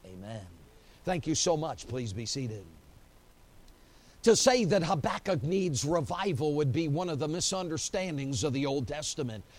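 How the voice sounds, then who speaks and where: Animated and fairly high-pitched, a pastor preaches an evening church sermon at a moderate pace. He brings the story to life, acts out the quotes, and peppers it with "you know."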